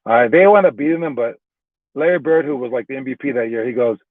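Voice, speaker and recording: A man's voice: medium pitch, quick pace, no room sound. A man working as a basketball trainer, casually explaining drills with loose, talky delivery, frequent restarts and repeated "all right"s. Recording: tinny phone-like dry sound.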